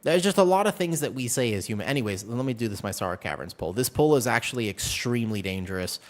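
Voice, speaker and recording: A young man streaming a video game, joking and chatting with his viewers in a casual, animated way. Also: medium pitch, fast. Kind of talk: casual gaming stream chat.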